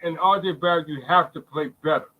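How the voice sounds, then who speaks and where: A man's voice: a little high, fairly even intonation, a little fast, phone-quality sound. A middle-aged man from Brooklyn gives emotional, heated live fan commentary on a basketball game, repeating himself and talking straight to his viewers. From Brooklyn, New York City. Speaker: fan watch-along host.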